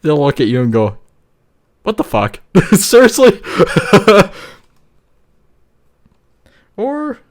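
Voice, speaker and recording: A man narrating his own screen-recorded tutorial, in a slow, unhurried way. His pitch swings widely as he rambles, chuckles and drops the odd swear word, with keyboard typing clicking in the background. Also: huge pitch swings. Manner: rambling, laughs often, swears casually. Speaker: YouTuber.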